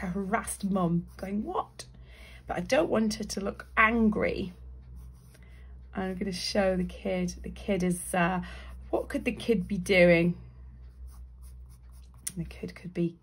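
A woman's voice: medium pitch, breathy edge. A woman with a Northern English accent who talks through a drawing tutorial in a chatty way, thinking aloud as she sketches. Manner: chatty, thinks aloud, briefly voices her drawn characters. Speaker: illustrator teaching drawing.

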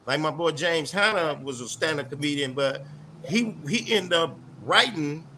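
A male comedian talking loudly and animatedly as a guest in a casual interview chat. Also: on the high side, normal speed, a little hiss or hum. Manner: loud, animated storyteller.

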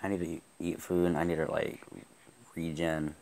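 A young man giving live gameplay commentary, excitable, often laughing and yelling at the game. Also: low-pitched, normal speed. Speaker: gaming YouTuber.

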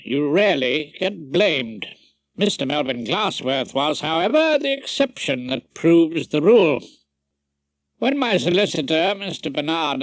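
A man narrates an audiobook with wry, dry expressiveness. His voice sits a little high and moves through a wide, animated range. The recording is close and dead, with no room sound. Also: no room sound, low-quality recording.

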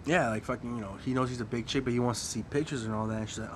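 A man's voice: mid-range voice, fairly even intonation, quick pace, slight background noise. A man telling a crude story in casual podcast chat, cursing and laughing often.

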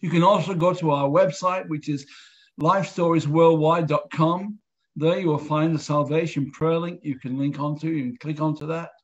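Earnest guy host leading a prayer, kinda high voice, muffled lo-fi stream sound. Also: fairly even intonation. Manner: earnest, measured preaching delivery. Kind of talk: closing appeal and led prayer.

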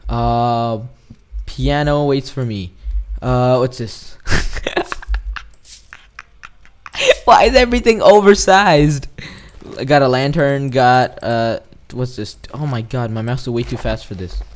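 A man commentating his own horror game run, talking straight to his viewers. He is jumpy and excitable, breaking into startled yelps, and his pitch sits in an ordinary middle range. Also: measured pace. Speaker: gaming video host. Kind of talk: let's play commentary.

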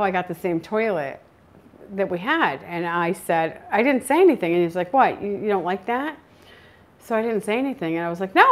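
A woman hosting a homestead channel, telling stories in casual chat with lively, frequent laughter. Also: mid-range voice. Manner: chatty, animated storytelling with frequent laughs.

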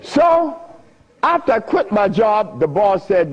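An older man giving a talk, telling stories with frequent laughter and big swings in pitch. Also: big pitch swings, slow pace. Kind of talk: animated storytelling lecture. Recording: muffled lo-fi recording.

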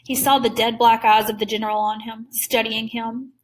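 A woman reading a story aloud in a measured way, slowing down for suspense. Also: on the high side, little pitch movement, far from the mic. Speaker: reader. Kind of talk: read-aloud story narration.

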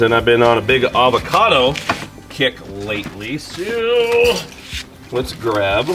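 Over music, a middle-aged man hosts a casual griddle cooking video from his home garage. His medium-pitched voice is animated and moderately paced, and he's chatty, laughing often.

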